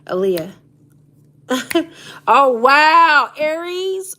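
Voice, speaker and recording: A woman in her thirties or forties speaks slowly in a high, bright, forceful voice with lively intonation while hosting a casual live stream of astrology readings. She chats about zodiac signs, laughing often and calling viewers "honey" and "y'all".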